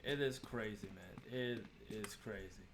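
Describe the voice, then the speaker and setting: A man's voice: lowish voice, a little slow, noisy background. Exasperated young man venting over gameplay. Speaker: gaming streamer. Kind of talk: casual gameplay commentary.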